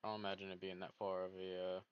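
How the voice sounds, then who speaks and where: A man's voice: low-pitched, flat delivery, fast. A man thinking aloud as he hosts casual gameplay commentary, rambling and poking fun at himself. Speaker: gaming video host. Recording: dull lo-fi mic with faint noise.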